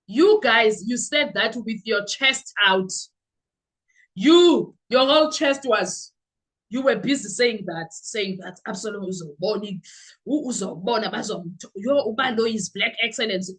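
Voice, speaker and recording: A woman with a South African accent hosting a podcast, giving animated, sarcastic commentary full of rhetorical questions. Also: on the high side, unhurried, rough recording. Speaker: podcast host. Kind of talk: opinionated commentary.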